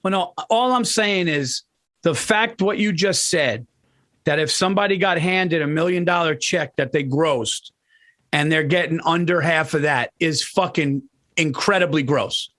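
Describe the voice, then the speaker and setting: A man's voice: on the high side, fairly bright tone. Indignant, swearing podcast co-host man. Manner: profane, indignant, talks in quick restarts. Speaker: comedian co-host. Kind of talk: casual podcast chat.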